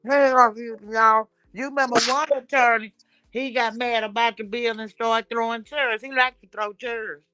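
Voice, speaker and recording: A woman hosting a casual chat, blunt and animated as she gossips. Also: a little high, normal speed, clean tone, no room sound, faint music behind. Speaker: show host.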